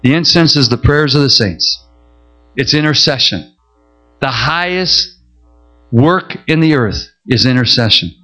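A middle-aged male pastor preaching a sermon, telling a story with animated, emotional pleading. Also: mid-range voice, measured pace, pauses often, faint music behind, rough recording.

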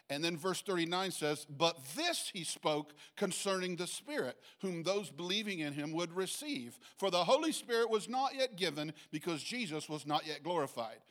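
A man preaching a sermon in a conversational way, reading scripture slowly and checking in with his listeners. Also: fairly high pitch. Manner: bursts into loud acted shouts when quoting. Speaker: pastor. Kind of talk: sermon teaching.

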